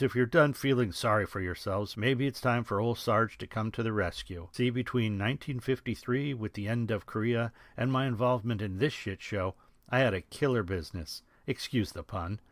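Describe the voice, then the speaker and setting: A man voicing a gruff, wisecracking older army sergeant who talks bluntly and with authority. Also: on the low side, no echo, close to an everyday voice.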